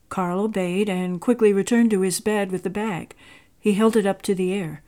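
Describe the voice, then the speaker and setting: Woman, storyteller, scripted narration, measured, expressive, mellow voice. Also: medium pitch.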